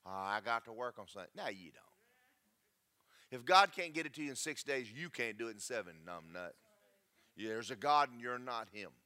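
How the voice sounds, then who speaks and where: A man preaching a sermon, emphatic and preachy, swinging between loud and soft. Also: mid-range voice, expressive, normal speed, long pauses. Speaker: pastor.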